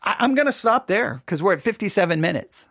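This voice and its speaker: A man teaches a Bible study with a lively, swinging pitch that leaps up and drops low. He is provocative and sarcastic, challenging his listeners directly. His voice is close and dry, with no room sound. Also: fast, vocal fry, dry recording.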